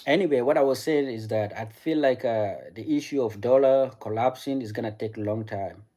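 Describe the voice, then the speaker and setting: A streamer whose first language is French, from a French-speaking African country, casually answers his live-stream chat in a brisk, mellow, medium-pitched voice, often repeating words and restarting sentences.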